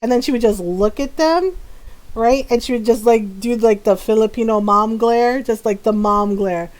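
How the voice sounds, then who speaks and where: A woman livestreamer chatting casually while gaming, telling an animated family story and laughing often. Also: fairly high pitch, normal speed, low-quality recording.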